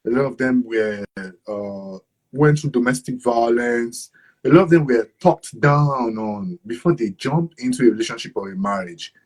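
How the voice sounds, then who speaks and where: A Nigerian man hosting an interview, asking questions in a lively way and mixing in pidgin phrases. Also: medium pitch, breathy edge, rough recording. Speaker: interviewer, host. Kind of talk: interview conversation.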